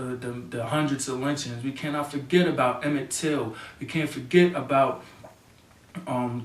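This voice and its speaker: A man, a local party chairman, giving an impassioned spoken statement in a fervent, repetitive way, often adding "you know what I'm saying.". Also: mid-range voice. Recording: roomy echo, mic at a distance.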